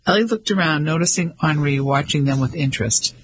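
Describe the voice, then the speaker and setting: A man giving measured scripted narration of an audiobook. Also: fairly high pitch, slightly rough, poor audio. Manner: measured storytelling.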